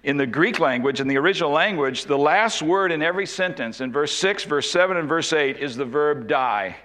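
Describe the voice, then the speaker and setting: Man preaching a slow, emphatic sermon. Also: lively intonation, fairly bright tone. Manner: expository preaching, slows and drops low for emphasis. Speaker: pastor.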